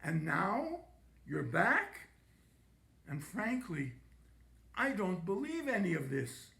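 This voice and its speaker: A man's voice: high voice, very animated, slow, gravelly, bright, forceful tone, reverberant, heavily acted. A man reading the lines of a distraught elderly father, choked up and pleading.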